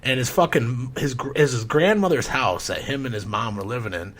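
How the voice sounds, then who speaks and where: A man who works as a home inspector tells a story in casual podcast talk. His pitch sits mid-range, he swears freely, and he keeps stopping to clear his throat. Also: a little fast, a bit bright. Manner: rambling, profane, frequent throat clearing.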